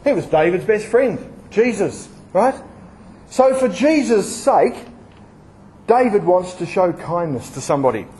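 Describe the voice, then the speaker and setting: A man preaching a sermon, lively, asking his listeners questions and acting out examples in front of a live audience. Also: sits high, measured pace, rough recording.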